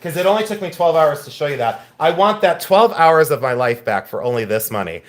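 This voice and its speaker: A man's voice: a little high, expressive, brisk. A man hosting a live-streamed jewelry auction, chatting and joking as he shows each lot. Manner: joking, chatty, self-mocking. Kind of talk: live-stream sales patter.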